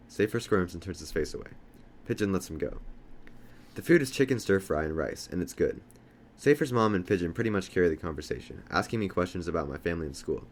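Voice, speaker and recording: Male audiobook reader, low voice, straightforward first-person narration. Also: lively intonation, fast, slight background noise. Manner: plain first-person storytelling. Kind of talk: reading a novel aloud.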